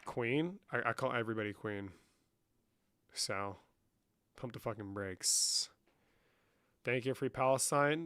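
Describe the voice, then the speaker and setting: A man's voice: mid-range voice, lively intonation, normal speed, long pauses, a bit bright. A young man live-streaming, casually reading chat comments and answering them with lots of swearing. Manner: profane, reads chat aloud and answers.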